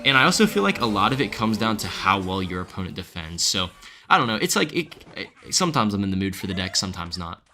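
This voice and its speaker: A young man giving casual, excitable live commentary on his gameplay while chatting with viewers. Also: lowish voice, quick pace, a little hiss or hum. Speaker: streamer. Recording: faint music behind.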